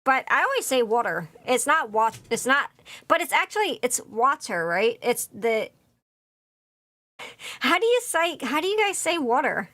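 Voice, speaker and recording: A woman's voice: sits high, very animated, moderate pace, a bit bright. A woman with a Philadelphia accent, chatting casually as a streamer while building a model kit, rambling with lots of fillers and restarts. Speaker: VTuber streamer. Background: faint background music.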